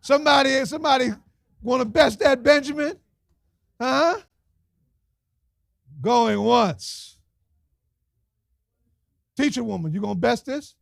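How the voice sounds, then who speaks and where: A man running a lively fundraiser auction, teasing the crowd with slang and frequent laughter. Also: very high-pitched, a little fast, creaky, dry recording. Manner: playful, teasing, street slang, laughs often. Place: event hall with audience.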